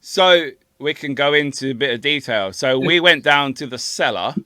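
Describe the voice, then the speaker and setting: Host, bright tense voice, dry close sound, chatty and laughing. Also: male voice, medium pitch, lively intonation, normal speed, dry recording. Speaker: podcast host. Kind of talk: casual podcast chat.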